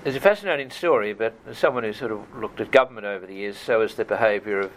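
A man hosts the event and moderates questions and discussion. His voice sits low, and he asks his questions in a halting, thoughtful way. Faint background noise runs under the recording. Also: poor audio.

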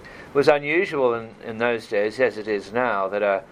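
A man hosting an event and moderating questions, asking in a halting, thoughtful way. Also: lowish voice, fairly bright tone, a little hiss or hum, poor audio.

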